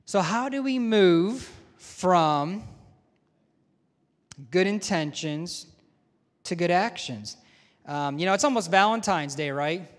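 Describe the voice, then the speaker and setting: A man, head of a school, giving a conversational chapel talk to students, joking and asking them questions. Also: high-pitched. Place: large chapel or auditorium with balcony. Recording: long hall reverb.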